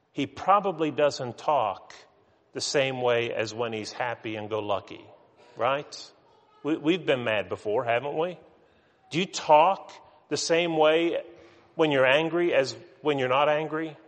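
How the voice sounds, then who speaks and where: A man's voice: mid-range voice, fairly bright tone, in a large hall. A man preaching a sermon with earnest emphasis, often restarting his words. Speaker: pastor.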